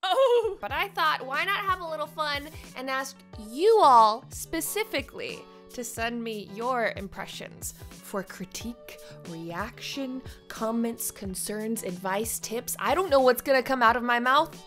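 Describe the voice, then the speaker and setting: Animated, bright-voiced young woman. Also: high voice, a little slow, soft background music. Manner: bubbly, animated, playful critique. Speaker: impressionist reviewing viewer submissions. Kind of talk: casual chat.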